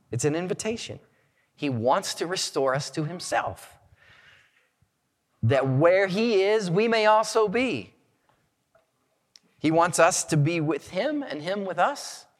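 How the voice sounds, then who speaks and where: Unhurried, lively-voiced male preacher in a hall. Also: a little high. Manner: earnest, measured preaching with emphatic rises. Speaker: pastor. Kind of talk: sermon.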